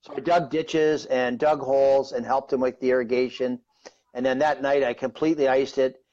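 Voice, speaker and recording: A man in his fifties from Canada tells his story as a guest on a live stream. He rambles in a conversational way, checking in with "you know" and "right?". His mid-pitched voice comes through dull, lo-fi audio. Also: fairly even intonation, normal speed, dark tone. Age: 50s.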